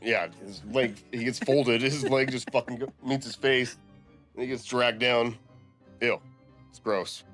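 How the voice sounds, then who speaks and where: A man's voice: mid-range voice, fairly even intonation, unhurried, fairly bright tone, soft background music. A man co-hosting a casual movie recap, laid-back and crude, swearing freely. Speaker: podcast co-host.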